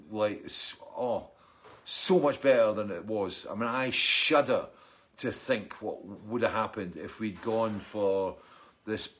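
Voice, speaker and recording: A middle-aged man, a musician, hosting a casual weekly livestream and reading out viewer comments. He rambles and chats, restarts his sentences and laughs often. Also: fairly low pitch.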